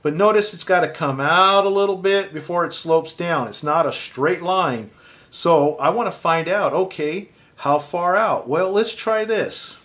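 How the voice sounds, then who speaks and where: A man teaching a step-by-step drawing lesson, calmly thinking aloud as he measures and marks lines. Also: on the high side, a little slow. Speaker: art teacher.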